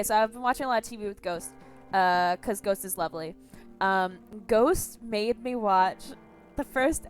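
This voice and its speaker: Chatty giggly woman streamer. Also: fairly high pitch. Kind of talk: casual let's-play commentary.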